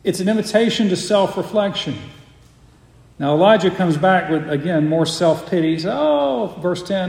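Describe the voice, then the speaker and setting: A man preaching a sermon, reading scripture aloud and explaining it earnestly, sometimes sinking to a soft hush. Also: high-pitched, lively intonation, moderate pace, creaky. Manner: earnest, drops to a soft hush for quiet moments. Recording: echoey hall.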